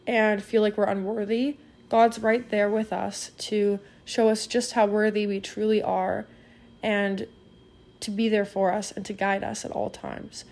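A woman's voice: medium pitch, a little mellow. A woman giving a spoken devotional, retelling a parable in an earnest, encouraging way and speaking straight to the listener.

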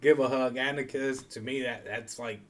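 A man in casual conversation who talks haltingly, restarts a lot and swears freely. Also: medium pitch, fairly even intonation, a little hiss or hum. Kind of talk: casual chat.

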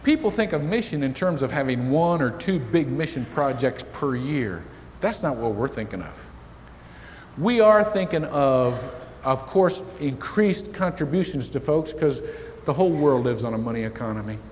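A man preaching a sermon as pastor, telling a folksy story to make his point. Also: moderate pace. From Indiana. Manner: folksy storytelling with lively shifts in pitch. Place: church sanctuary. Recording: church hall reverb, faint hiss.

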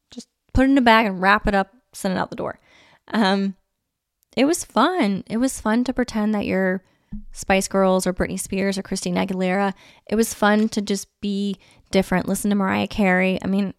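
Chatty woman with a gravelly fry. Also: mid-range voice, dry recording, clean studio sound. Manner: chatty and nostalgic, many "like" fillers. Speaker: podcast host. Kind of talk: casual solo podcast monologue.

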